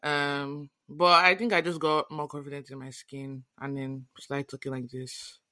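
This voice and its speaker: A woman's voice: low-pitched, level tone, moderate pace, sharp tone. A young adult woman co-hosting a podcast, chatting casually with bubbly asides and laughter. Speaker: podcast co-host. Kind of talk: casual chat.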